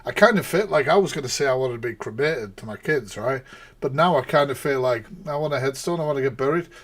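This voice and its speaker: A man riffs through a casual live-stream reaction, rambling with sarcastic asides and bursts of laughter. His voice sits at an everyday middle pitch. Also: fast.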